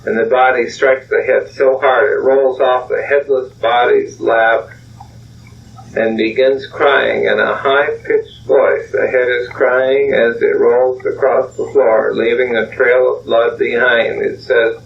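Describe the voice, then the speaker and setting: An older man guides the listener through a relaxation and imagery exercise, his voice gravelly and his pace unhurried. He speaks calmly, suggesting images in the second person. The old tape sounds dull and slightly hissy, and the mic sits some distance from him. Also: mid-range voice. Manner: slow, calm, suggestive second-person narration. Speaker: clinical psychologist.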